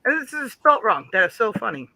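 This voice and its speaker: A man chats casually as a call-in guest, cracking jokes and tripping over his restarts. His voice sits high and sounds bright and sharp. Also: big pitch swings, brisk, vocal fry, poor audio. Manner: jokey, giggly, stammering restarts. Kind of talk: casual chat.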